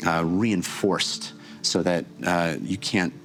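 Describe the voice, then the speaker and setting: Low-voiced man narrating as game master. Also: steady tone, a bit bright. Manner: halting, descriptive, many fillers and restarts.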